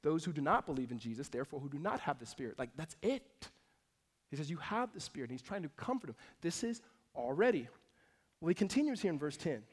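High-voiced man preaching conversationally. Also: sing-song, quick pace, husky. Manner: conversational preaching, swings between emphatic and hushed. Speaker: pastor. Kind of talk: sermon.

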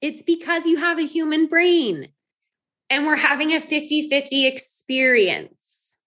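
A woman in her thirties coaching a group, telling lively stories and acting out her own thoughts. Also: high voice, unhurried. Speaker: life coach.

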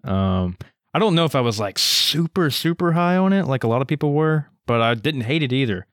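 A man's voice: medium pitch, expressive, a little fast, no room sound, clean studio sound. Hesitant man chatting on a podcast. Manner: hesitant, repeats words, laughs. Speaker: podcast co-host. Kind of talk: casual chat.

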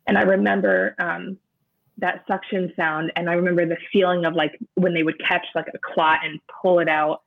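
Halting woman on a tinny line. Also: on the low side, little pitch movement, gravelly. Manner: halting, searching for words, frequent restarts. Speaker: interview guest. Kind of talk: personal account in an interview. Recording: narrow phone-like sound.

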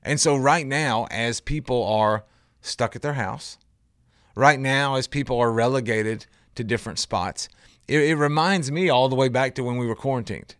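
A man's voice: medium pitch, moderate pace, fairly bright tone, dry recording, studio quality. A man hosting a radio talk show, reflecting in a conversational, anecdotal way with frequent restarts.

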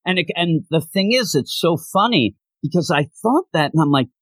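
A young man co-hosting a casual podcast, rambling and animated as he jumps between tangents. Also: fairly high pitch, normal speed, breathy edge, no room sound. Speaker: podcast co-host. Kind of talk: casual chat.

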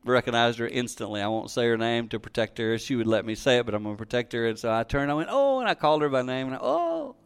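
A man's voice: mid-range voice, expressive, fast talker, few pauses, clean tone. A middle-aged man preaching a sermon, telling a personal story and leading a closing prayer, earnest and emphatic with repeated phrases.

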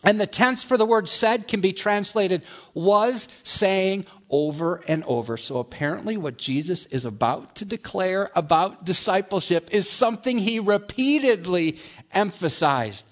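A man preaching a sermon, mixing quick asides with slow, emphatic lines. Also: sits high, animated. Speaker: pastor.

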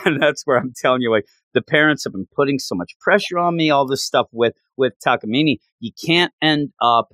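A man's voice: mid-range voice, moderate pace, hardly any pauses, a bit bright, dry recording. A man chatting casually as a podcast co-host, laughing often and acting out characters' lines as he recaps. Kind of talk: casual chat recapping a show.

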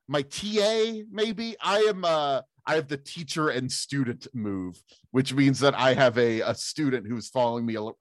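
A man's voice: mid-range voice, dry recording. A man chatting casually as a player in a tabletop game, hesitant with fillers.

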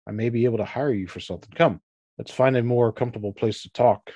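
A guarded ogre who runs a crumbling keep, voiced by a man at a tabletop game, talking in a level, businesslike way. His voice sits a bit lower and quieter than the narration around it, in a dry room with no echo. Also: fast, slightly rough. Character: male ogre keeper of a ruined keep, guarded.

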